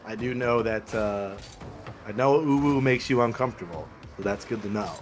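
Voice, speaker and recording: A man's voice: lowish voice, moderate pace, faint music behind. A young man co-hosting a podcast, telling crude stories and laughing often in casual chat. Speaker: podcast co-host.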